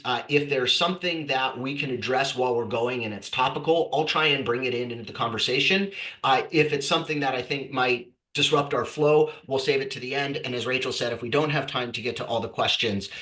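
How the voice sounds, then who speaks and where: Bright, nasal-sounding man with a cold. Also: medium pitch, a little fast, roomy sound, poor audio. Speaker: host and company president. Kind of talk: webinar presentation.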